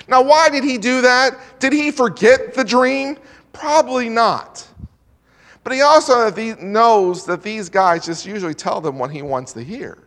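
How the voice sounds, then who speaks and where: Male pastor, earnest sermon delivery and scripture reading, slightly high voice, long room reverb. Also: fairly bright tone. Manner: earnest preaching, reads scripture in King James wording.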